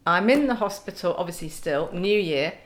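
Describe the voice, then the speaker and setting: A woman's voice: fairly low pitch, expressive, moderate pace. A middle-aged woman, a podcast guest telling stories in casual chat with wry humour and frequent laughter.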